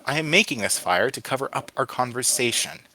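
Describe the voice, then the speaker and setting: A sly old wind spirit talks in a small, candid, wheedling voice, pitched a little higher than a plain man's speech, as a man reads it out. The tone is bright and forceful. The recording is dry and close. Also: lively intonation, a little fast, no echo.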